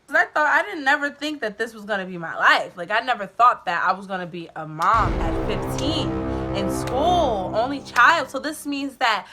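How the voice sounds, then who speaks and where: A woman's voice: fairly high pitch, expressive, normal speed, sharp tone. A young woman telling a personal story in a candid, chatty way, swearing now and then and filling her talk with "like". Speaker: vlogger. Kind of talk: casual storytime. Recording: music playing under the voice.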